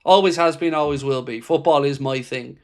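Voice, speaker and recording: A man's voice: fairly high pitch, a little fast, a little mellow. Impassioned man hosting a fan livestream. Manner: impassioned, blunt, swears freely; reads viewer comments aloud and answers them. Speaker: football fan channel host. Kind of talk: livestream reaction chat.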